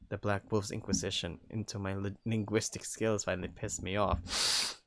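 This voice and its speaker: A young man reading a first-person story aloud in an animated, jokey way, voicing the characters. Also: lowish voice, moderate pace, gravelly, few pauses, no room sound. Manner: animated, jokey asides and laughs between lines. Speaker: story narrator.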